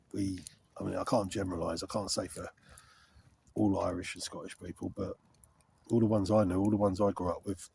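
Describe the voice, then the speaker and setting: A man's voice: low voice, vocal fry, darkish tone, slight background noise. A middle-aged man chatting candidly and rambling to camera while camping outdoors in a frosty wood. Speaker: wild camping vlogger. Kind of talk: casual rambling chat to camera.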